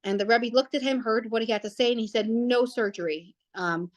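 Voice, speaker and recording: A woman's voice: fairly high pitch, fast talker. A young woman telling a family story casually, rambling with restarts and fillers.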